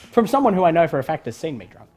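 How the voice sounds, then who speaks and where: A man's voice: fairly high pitch, a little mellow. A man hosting a live trivia quiz, reading questions and joking with his co-host. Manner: jokey, reads questions aloud, laughs often. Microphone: studio microphone.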